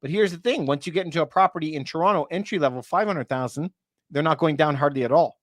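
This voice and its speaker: A real estate broker with a fairly high voice is wearing it out from talking so much on his casual livestream. He answers viewers by name and drops quick asides. The recording is studio quality with no echo.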